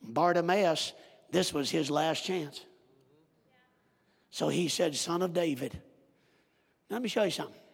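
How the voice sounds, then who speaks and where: A man preaching a sermon, telling a Bible story with animated direct address to his congregation in a church. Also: a little high, unhurried, creaky, long pauses, husky, long reverb tail.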